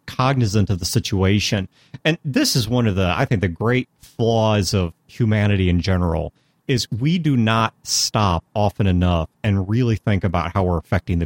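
A man on a podcast with a low voice, talking in an earnest, thoughtful way. The sound is dry and close, with no room around it. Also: expressive, moderate pace, dry recording. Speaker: podcast host. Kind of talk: casual chat.

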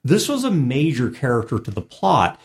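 A man's voice: mid-range voice, wildly swooping pitch, moderate pace, creaky. A man who is a game master and podcast host, explaining a tabletop game in casual chat with a wry manner and frequent laughter.

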